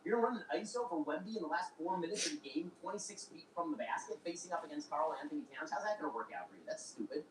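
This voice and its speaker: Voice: medium pitch, animated. Indignant commentator, echoey and distant. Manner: indignant, rapid rhetorical questions. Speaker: political commentator. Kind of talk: ranting commentary on a played clip. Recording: echoey, distant, faint background noise.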